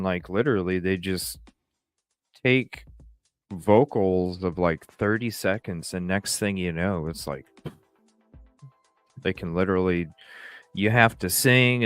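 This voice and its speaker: Male stream host, deep voice, close dry sound, loose chatty rambling delivery. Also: fairly bright tone, smooth, dry recording. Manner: rambling, many fillers and restarts; reads out and greets chat viewers. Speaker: livestream host. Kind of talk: casual livestream chat.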